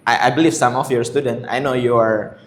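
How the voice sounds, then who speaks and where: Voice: medium pitch, steady tone, fairly quick. Lecturer, encouraging, questioning, broken english, roomy classroom echo. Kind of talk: classroom discussion lead.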